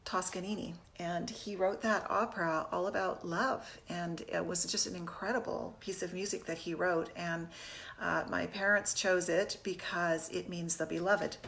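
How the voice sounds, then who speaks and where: A woman's voice: fairly low pitch, fairly even intonation, moderate pace, creaky, a bit bright, a little hiss or hum. A woman in her fifties hosting a casual live stream from her home kitchen on a phone camera, chatty and upbeat, greeting viewers as she talks. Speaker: fitness host.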